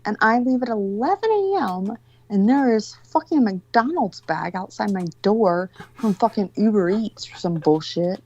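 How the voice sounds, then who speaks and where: A woman's voice: mid-range voice, lively intonation, a little slow, a little mellow, muffled recording. A woman telling a story in casual chat, rambling, exasperated and full of swearing.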